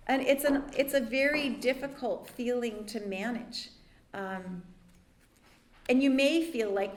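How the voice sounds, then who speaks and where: A woman therapist giving a workshop talk, explaining calmly with lively asides. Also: on the high side, unhurried, roomy sound, a little hiss or hum. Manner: calm explanatory teaching with lively dramatic asides. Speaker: therapist leading a church workshop.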